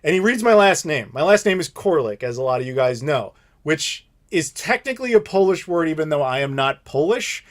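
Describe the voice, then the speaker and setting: American dude in his 30s on a live stream q&a, animated and cursing, slightly high voice. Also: a little fast, few pauses. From United States. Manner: animated, profane, blunt. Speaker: channel host.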